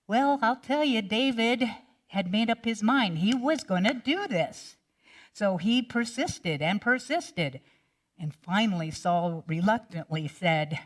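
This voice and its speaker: Slow-talking woman minister telling a story. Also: on the low side, lively intonation. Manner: casual, chatty storytelling with restarts. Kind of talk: sermon storytelling.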